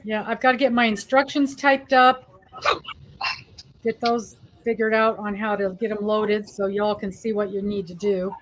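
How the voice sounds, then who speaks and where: A woman co-hosting a casual livestream chat, relaxed, reading out chat messages with wry asides. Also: mid-range voice, normal speed, poor audio. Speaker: co-host.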